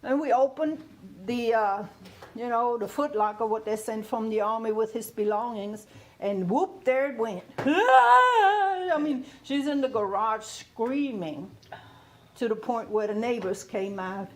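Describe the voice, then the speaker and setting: Speaking unhurriedly in a slightly mellow, higher voice, this fifty-something guest speaker on grief learned English as a second language. She teaches in a chatty style, laughing a lot and asking if you can hear her.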